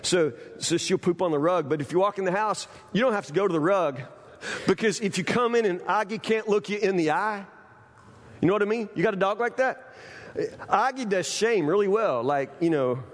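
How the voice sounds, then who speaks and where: A pastor delivers a sermon in a folksy, conversational manner, circling back on phrases. His voice sits high for a man. The sound carries the long reverb of a large hall. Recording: echoey hall.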